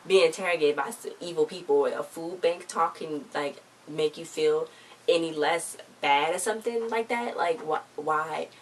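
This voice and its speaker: A woman's voice: low-pitched, moderate pace. A woman casually recapping a TV episode, chatty and informal, retelling scenes with lots of "she was like.". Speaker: TV episode reviewer. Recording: distant mic with faint background noise.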